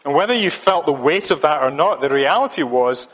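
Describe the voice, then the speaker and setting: A man's voice: fairly high pitch, expressive, brisk, fairly bright tone. A man preaching a sermon, earnest and emphatic, often repeating a phrase for stress. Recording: long reverb of a church hall.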